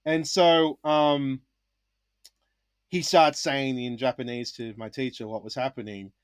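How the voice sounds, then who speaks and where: A young Australian man, once an English teacher, tells a story in a relaxed podcast chat, animatedly acting out what the people in it said. His voice is medium-pitched and unhurried. The recording is dry and studio quality.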